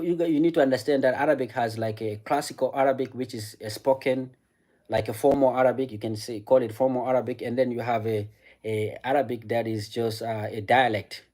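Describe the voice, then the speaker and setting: Chatty French-speaking man, dark voice. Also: medium pitch. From French-speaking African country. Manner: repeats words, restarts sentences, laughs often. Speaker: streamer answering chat. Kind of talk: casual live-stream chat.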